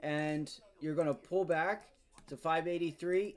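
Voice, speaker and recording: A man's voice: on the high side, fairly even intonation, a little slow. A man hosting a live day-trading stream, frustrated and swearing, muttering to himself as he talks to viewers. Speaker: day trading livestream host.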